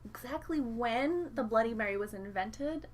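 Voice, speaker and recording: A woman's voice: fairly high pitch, animated, normal speed, slight background noise. A woman musician co-hosting a livestream from home, chatting casually and rambling with lots of fillers. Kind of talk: casual chat. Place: home, indoors.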